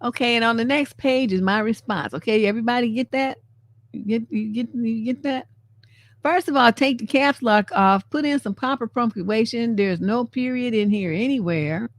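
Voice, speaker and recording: A woman relationship coach hosting a live stream, talking in a blunt, sassy, profane and animated way. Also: on the high side, moderate pace, dry recording. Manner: animated, laughs often. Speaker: relationship coach and show host. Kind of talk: casual live-stream commentary.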